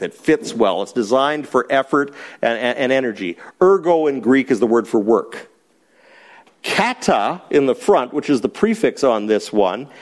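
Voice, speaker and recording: A man teaching a Bible class, explaining a passage with emphasis and putting questions to the class. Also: mid-range voice.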